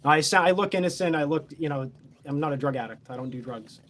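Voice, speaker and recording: A man's voice: on the high side, quick pace, a bit bright, slight background noise. A man telling a story in a casual, boastful, heavily profane, rambling way.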